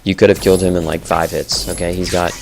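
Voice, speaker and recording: A man's voice: sits low, level tone, fast talker, vocal fry, over a noisy crowd. A young man giving casual, chatty commentary on a game replay, blunt and often correcting himself.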